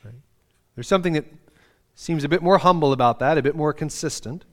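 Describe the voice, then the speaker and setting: A middle-aged pastor delivers a sermon in a slightly high voice at a fairly quick pace. Earnest and conversational, he reads scripture aloud with feeling.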